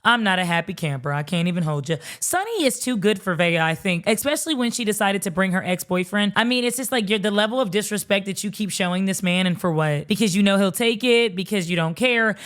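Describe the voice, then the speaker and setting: A woman's voice: medium pitch, expressive, fast talker, few pauses. A woman host recapping a reality show in casual talk. She is blunt and opinionated and throws in sassy asides. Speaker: podcast host.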